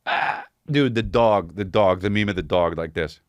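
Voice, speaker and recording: A man's voice: sits low, moderate pace, clean tone, dry recording, dull audio. A man hosting a comedy podcast, ranting casually with a lot of swearing and calling people "dude.". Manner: profane, riffing, says dude a lot. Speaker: podcast host.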